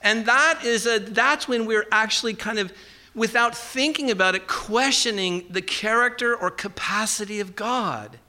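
A man's voice: high voice, moderate pace, pushed and bright. A man preaching a sermon in a conversational way, with casual asides and tag questions. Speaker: pastor.

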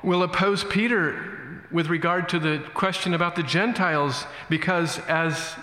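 A man's voice: on the high side, unhurried, sharp tone. Guy pastor giving a sermon, chatty w lots of ums, echoey church. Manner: conversational storytelling with many fillers.

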